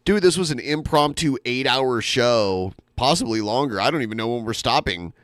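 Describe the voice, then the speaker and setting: A man co-hosting a casual live stream podcast, talking in animated, jokey rants and swearing freely. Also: medium pitch, moderate pace, dry recording, studio quality. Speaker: podcast co-host.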